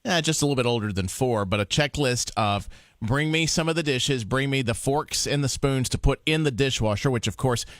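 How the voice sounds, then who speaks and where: A man hosting morning news, talking in a chatty, halting way. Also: medium pitch, a bit bright, no echo, studio quality. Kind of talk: casual chat.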